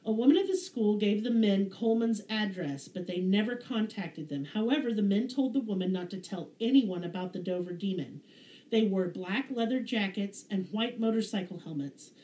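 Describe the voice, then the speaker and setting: Woman, southern twang, sarcastic storyteller, swears a lot, mellow tone, roomy echo. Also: mid-range voice, normal speed. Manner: sarcastic, profane, animated storyteller. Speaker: podcast host. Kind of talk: casual storytelling chat.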